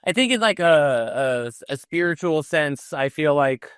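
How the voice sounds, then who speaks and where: A man hosting a podcast interview, speaking hesitantly with pauses and "uh". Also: a little high, animated, a bit bright, clear, resonant tone, no room sound, studio quality. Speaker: podcast host.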